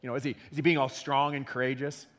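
A man preaching a sermon in an animated way, repeating words as he acts out quotes. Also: medium pitch, fast. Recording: long hall reverb.

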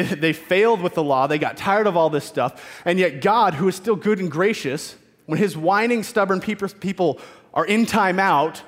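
A man's voice: sits high, long reverb tail. A man preaching a sermon, retelling scripture in casual modern speech and voicing the figures in it.

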